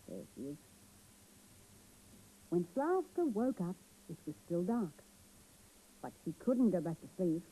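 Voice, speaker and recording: A woman reads a story to young children in a gentle, expressive way. Her voice is dark and husky, and her tone swoops up and down with lively energy. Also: a little high, rough recording. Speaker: children's TV presenter.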